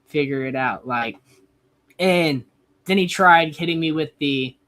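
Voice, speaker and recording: A man's voice: a little high, unhurried, fairly bright tone. A young man in his twenties, a wrestler guest telling a casual story, rambling with lots of "like". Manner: rambling, heavy use of "like".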